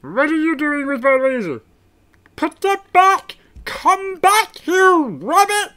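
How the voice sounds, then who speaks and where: A man's voice: very high-pitched, big pitch swings, sharp tone, voice pushed up, full character voice, poor audio. A man putting on a cartoon Martian villain, a small, pompous alien who drags out his threats in a thin, nasal voice. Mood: indignant. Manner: grandiose, threatening, drawn-out.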